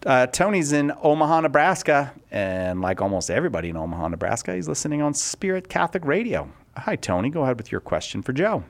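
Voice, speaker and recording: A man's voice: mid-range voice, fast, hardly any pauses. A man hosting a live call-in radio show in a studio, talking in a jokey way and reading out the call-in number. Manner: jokey, animated, reads out phone number.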